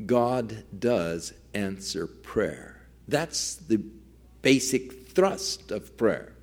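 A man's voice: on the low side, animated, extremely slow, a little mellow. A male pastor preaching a sermon, telling a story earnestly and acting out its quoted dialogue.

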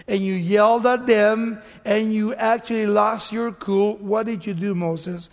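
High-voiced preacher in a reverberant hall. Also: male voice, normal speed, few pauses. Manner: dramatic storytelling, acts out dialogue, swings from loud to hushed. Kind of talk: sermon.

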